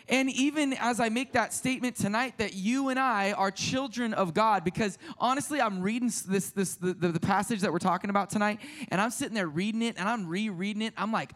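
A man's voice: high-pitched, brisk, hardly any pauses. A man in his thirties preaching a sermon as a pastor, telling stories in a conversational, self-deprecating way with frequent restarts. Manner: drops to a soft hushed voice in prayer.

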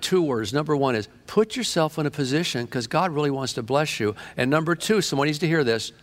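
Man, preacher, fervent, storytelling, slightly high-pitched. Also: fairly bright tone. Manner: fervent, storytelling, shifts between quick and slow. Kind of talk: sermon.

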